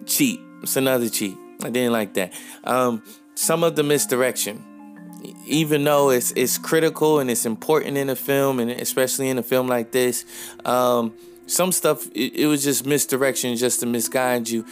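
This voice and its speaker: A man's voice: medium pitch, moderate pace, faint music behind. A man hosting a casual podcast film review, giving his opinions straight to listeners with frequent filler sounds.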